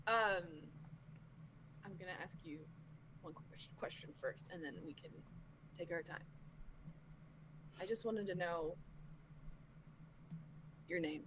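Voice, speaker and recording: A woman's voice: on the low side, unhurried, long pauses, noisy background. A woman playing in a tabletop game over an online call, talking in a nervous, careful way and swearing now and then. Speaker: player. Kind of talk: casual chat at a tabletop game. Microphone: online call mic.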